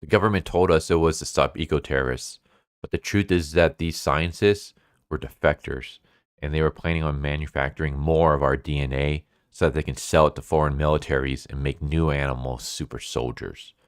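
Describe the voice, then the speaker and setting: A rebellious supersoldier deer pleads with his comrade in an urgent, steady voice, as a man reads him out. The voice sits very low and smooth. The recording is close and dry. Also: fairly quick, dry recording. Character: rebellious male supersoldier deer, intense and persuasive.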